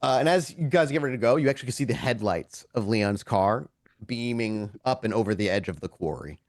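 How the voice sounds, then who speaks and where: A man's voice: medium pitch, expressive, fairly quick, no echo. A man narrating a tabletop game as game master, loose and casual, with occasional swearing.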